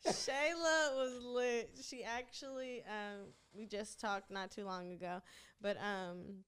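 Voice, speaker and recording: Smooth-voiced young woman, laid-back chat. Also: mid-range voice, fairly even intonation, unhurried. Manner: laid-back, laughs often, slangy storytelling. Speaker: rapper and singer, interview guest. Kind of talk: casual interview chat.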